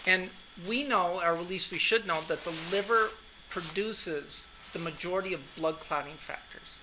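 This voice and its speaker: A man's voice: high voice, normal speed, noisy background. A man teaching an anatomy class, telling a long anecdote in a chatty way, often asking "right?" and laughing at his own jokes. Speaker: college anatomy instructor. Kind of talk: lecture anecdote.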